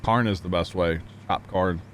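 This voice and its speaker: A man's voice: low voice, moderate pace, a little hiss or hum. A man streaming a farming game, chatting casually and joking with his chat. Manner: chatty, jokey, reading chat aloud.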